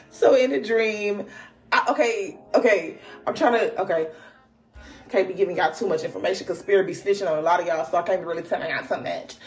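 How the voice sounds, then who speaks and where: A young woman hosting a spiritual podcast, telling a dream story with lots of slang and laughter, then reading cards. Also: on the low side. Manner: animated, laughing, slangy, exclaims often. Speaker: podcast host and spiritual reader. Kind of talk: casual storytelling and card reading.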